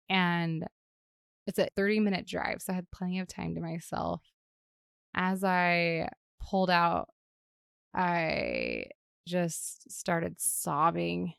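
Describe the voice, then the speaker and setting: A woman's voice: lowish voice, very animated, slow pace, creaky, smooth, no echo, clean studio sound. A woman hosting a podcast, telling a personal story in a reflective, emotional way, with many "like" fillers. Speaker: podcast host and parent.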